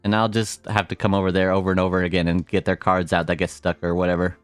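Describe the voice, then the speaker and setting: A man's voice: low-pitched, flat delivery, fast talker, clear, resonant tone, no echo, soft background music. A young man chatting casually on a live stream, rambling through stories and laughing often.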